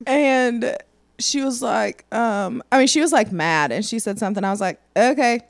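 A woman's voice: a little high, expressive, normal speed, creaky. A young woman, chatting casually on a podcast, laughing often and chiming in. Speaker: podcast co-host. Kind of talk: casual chat.

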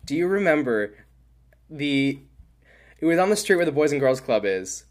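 A young man co-hosting a podcast, telling stories in an animated way and jumping between topics in casual chat. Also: fairly high pitch, normal speed. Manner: animated storyteller, jumps topics. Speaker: podcast co-host.

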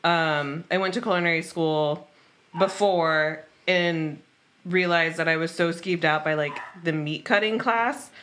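A woman from Oklahoma with a lowish but bright, forward voice, talking as a podcast guest. She is relaxed and self-deprecating, filling her answers with ums. A faint hiss of noise sits under the recording. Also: measured pace. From Oklahoma, USA. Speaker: podcast guest, bakery co-owner and pastry baker. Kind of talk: casual chat.

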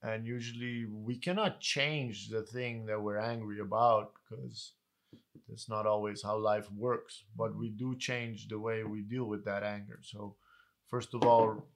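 A man co-hosting a podcast, talking calmly and reflectively and giving advice straight to listeners. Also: on the low side, unhurried. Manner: calm, reflective, advising listeners. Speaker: podcast co-host. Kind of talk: casual podcast chat.

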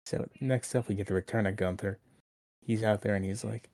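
Gravelly low-voiced man, dry sound. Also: fairly even intonation, fairly quick, darkish tone, dry recording. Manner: wry, sarcastic, acts out quotes. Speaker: podcast co-host. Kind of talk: casual wrestling review chat.

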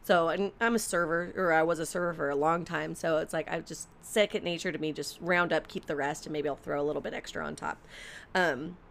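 Animated, profane woman telling a story. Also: low-pitched, brisk, vocal fry, a little hiss or hum. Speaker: storyteller guest. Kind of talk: casual chat.

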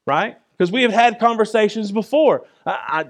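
A man preaching a sermon in a conversational way, often asking "right?" and moving between loud and soft. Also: high-pitched, lively intonation, moderate pace. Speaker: pastor.

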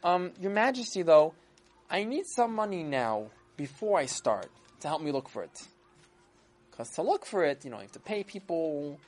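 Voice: mid-range voice, very animated, moderate pace, natural voice. A storyteller voicing a hopeful, devout diamond dealer who pleads earnestly with the king.

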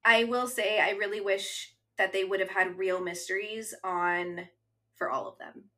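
A woman in her thirties with a bright, clear voice co-hosts a podcast. She chats earnestly, full of fond enthusiasm. Now and then she reads out a summary in a brisk, practiced way. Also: mid-range voice, steady tone. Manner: earnest and chatty, reads episode summaries aloud. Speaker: podcast co-host. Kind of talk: casual chat.

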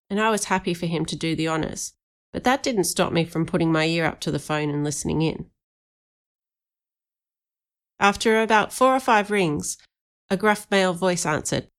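A woman reads an audiobook aloud with lively storytelling. Her voice sits on the lower side for a woman, steady and clear in delivery. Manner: lively storytelling, animated for dialogue. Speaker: audiobook narrator. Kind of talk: audiobook narration.

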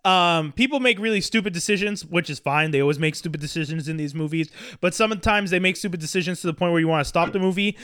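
A man co-hosting a casual movie chat, rambling and animated, often slipping into mock voices. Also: on the high side, quick pace, few pauses, clean tone, dry recording, clean studio sound.

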